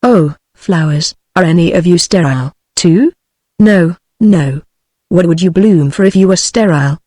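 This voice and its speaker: A synthetic woman's voice with a British accent reading the lines of an earnest young lady of the house in an even manner. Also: fairly low pitch, unhurried, dry recording, studio quality. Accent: British English.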